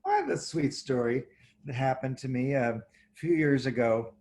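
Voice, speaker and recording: A man telling a story as a guest over a video call, wry and theatrical, with lively asides. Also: mid-range voice, normal speed, a little hiss or hum. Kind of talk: anecdotal storytelling.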